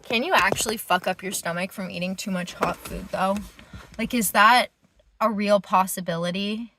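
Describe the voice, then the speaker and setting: Bright, chatty young woman streaming. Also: medium pitch, moderate pace, a little hiss or hum. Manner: chatty, rambling, laughs often, swears casually. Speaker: livestreamer. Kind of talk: casual livestream chat.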